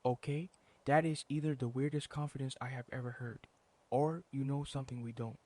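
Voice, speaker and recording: A man doing a male office coworker at a bar. He talks in a casual, teasing way, at an ordinary middle pitch. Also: steady tone, a little fast, mellow, close to an everyday voice. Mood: uneasy.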